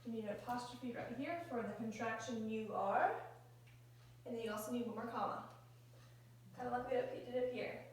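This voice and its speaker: A woman's voice: fairly high pitch, fairly even intonation, moderate pace, long pauses, slight background noise. A woman teaching a grammar lesson in a classroom, explaining patiently step by step and asking questions. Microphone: phone recording from across the room. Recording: echoey room, distant phone mic.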